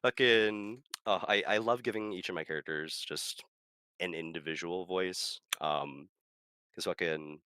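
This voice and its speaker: A man, a streamer and dungeon master chatting casually, animated, full of fillers and cursing freely. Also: deep voice, a little slow, clean tone. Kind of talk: casual chat.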